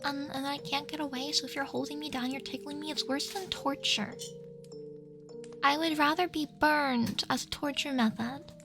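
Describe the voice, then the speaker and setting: High-voiced giggly woman streamer. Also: fairly bright tone. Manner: giggly and playful, laughs often. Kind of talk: casual livestream Q&A chat.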